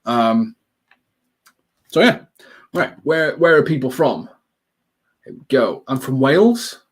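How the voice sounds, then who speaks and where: A husky, mid-range male voice belongs to a man hosting a live football watchalong. He rambles casually with viewers, dropping plenty of ums and breaking into quick, excited bursts at the action.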